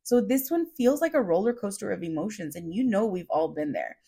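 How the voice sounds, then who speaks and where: A woman's voice: mid-range voice, expressive, brisk, gravelly, dark tone. A woman hosting a solo podcast, talking to listeners in a candid, chatty way, laughing through her lines and swearing casually. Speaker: podcast host.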